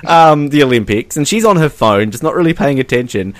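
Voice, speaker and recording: A man's voice: on the high side, lively intonation, brisk, no room sound. A young man co-hosting a casual podcast, laughing often and mocking the fan messages he reads aloud. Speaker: podcast co-host. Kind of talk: casual chat.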